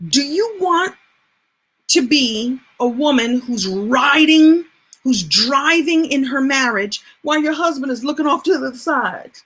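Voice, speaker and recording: A woman's voice: high voice, animated, measured pace, fairly bright tone, pitched above the performer's own voice. A woman voicing her former therapist, a frank woman asking pointed questions.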